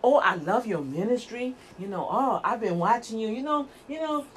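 Woman putting on a gushing insincere flatterer. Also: fairly high pitch, moderate pace, slightly rough, voice pushed down.

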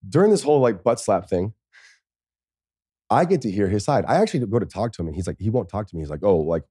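A man's voice: on the low side, big pitch swings, fast talker, dark tone, husky, dry recording, studio quality. A man in his thirties, a former football player, telling casual stories as a podcast guest, laughing often and swearing freely. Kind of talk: casual storytelling.

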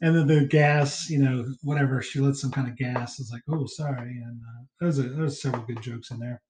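A man hosting a casual movie commentary chat, rambling through scene recaps with fillers and quick laughs. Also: medium pitch, steady tone, reverberant, a crowd in the background, poor audio. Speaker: podcast co-host.

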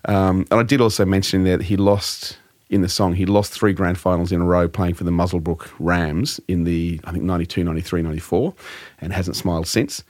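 A man and comedy musician, telling animated stories in a casual chat and laughing often. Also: sits low, brisk, few pauses, no echo, studio quality. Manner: animated, laughing, slips into impressions.

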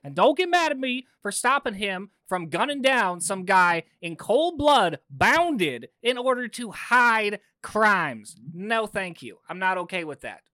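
A man's voice: high-pitched, sing-song, measured pace, few pauses, pushed and bright, no room sound, clean studio sound, voice pushed up, full character voice. Man playing an indignant, rambling sailor. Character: earnest, grumbling male sailor with a conscience. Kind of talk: in-character tabletop play.

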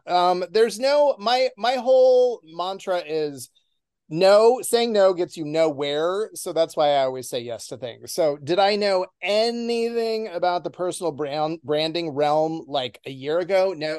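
A man's voice: on the high side, a little mellow, dry recording, studio quality. A middle-aged man as an interview guest, confident and wisecracking. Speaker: podcast guest. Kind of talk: casual interview chat.

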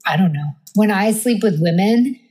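A woman's voice: mid-range voice, lively intonation, normal speed, warm tone, breathy edge. A woman from Montauk co-hosting a podcast, chatting in crude, giggly banter. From Montauk, New York. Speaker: podcast co-host. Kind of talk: casual chat.

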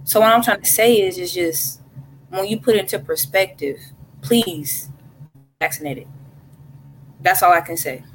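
A woman co-hosting a casual chat, pausing and searching for the right words. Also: fairly low pitch, a little hiss or hum, rough recording. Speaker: co-host.

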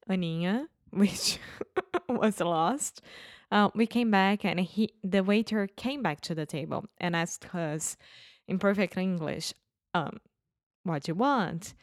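A woman's voice: medium pitch, a little slow, no echo, clean studio sound. A Brazilian woman with a Brazilian Portuguese accent, co-hosting a casual podcast chat and telling stories with laughter. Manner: animated storytelling with acted quotes and laughter. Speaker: podcast co-host.

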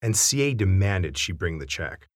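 A man reads a funny family story aloud with a wry, animated delivery. His voice sits low but swings widely in pitch, and it has a husky edge. The recording is dry and close. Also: moderate pace, dry recording. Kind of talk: reading a family anecdote aloud.

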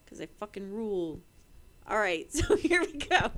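A woman's voice: mid-range voice, sing-song, moderate pace, fairly bright tone, slight background noise. A woman co-hosting a joking podcast, giggling often and teasing as she reads a news story aloud. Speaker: podcast co-host.

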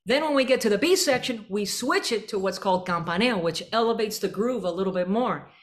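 A woman's voice: medium pitch, expressive, brisk. A woman leading a band rehearsal, explaining articulations through vivid images and singing syllables to demonstrate. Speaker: band clinician. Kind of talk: rehearsal instruction to a student band.

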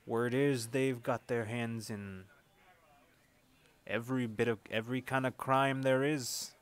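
A man voicing a male frontier informant who talks slowly and haltingly. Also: mid-range voice, fairly even intonation, clean tone, close to an everyday voice. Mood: wary. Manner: slow and halting, with hesitations.

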